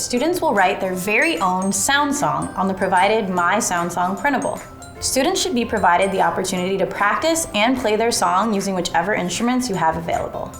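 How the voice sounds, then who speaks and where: A woman explaining a classroom music activity step by step, in a clear and methodical way. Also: mid-range voice, reverberant. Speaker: teacher. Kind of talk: instructional lesson narration.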